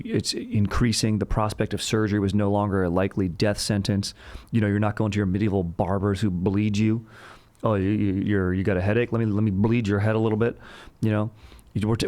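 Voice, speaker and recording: Slangy bro-talking man, fairly low voice. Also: a little mellow. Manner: slangy bro talk, says "dude" constantly; rambling, jokey asides. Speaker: podcast host. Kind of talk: casual comedic history chat.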